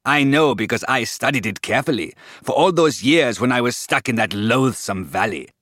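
A man's voice: mid-range voice, expressive, a bit bright, no room sound. Storybook villain: a taunting male serpent, read by a man, dry close sound. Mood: gloating. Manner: slow taunting hiss. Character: menacing giant male serpent, gloating and cruel.

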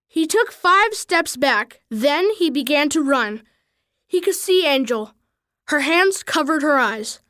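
A woman reads a children's story aloud, expressive and animated throughout. Her voice is high and swings widely from line to line. The recording is dry and close. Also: no room sound. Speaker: reader.

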